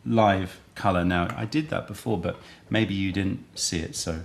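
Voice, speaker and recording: A man with a low, gravelly voice hosts a casual live stream. He rambles, thinks out loud and chats loosely with his viewers. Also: normal speed. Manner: rambling, chatty, thinks aloud. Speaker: livestream host selling tea.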